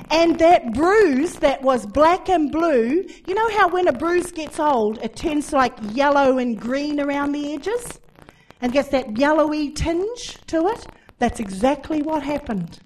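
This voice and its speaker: A woman preaching, giving a testimony as an animated story and acting out the dialogue. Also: high voice, a little hiss or hum, rough recording. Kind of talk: sermon testimony.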